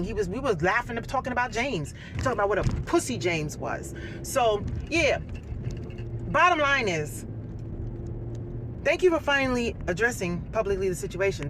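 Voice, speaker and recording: Bright sharp-voiced woman ranting on her vlog, blunt and cussing, keeps repeating herself. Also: mid-range voice, slight background noise. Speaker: vlogger. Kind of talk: heated personal vent to camera.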